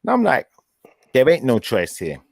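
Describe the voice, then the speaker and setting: A man chatting casually, telling a long personal story with lively acted-out quotes. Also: medium pitch, normal speed, vocal fry, no room sound, clean studio sound. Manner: animated storyteller, acts out his own quoted words. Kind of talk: casual chat.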